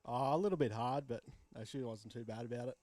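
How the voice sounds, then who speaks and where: Aussie fisherman, short modest answers, mid pitch, dry close sound. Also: fast talker, warm tone, dry recording. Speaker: tournament angler. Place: outdoors at a lakeside weigh-in.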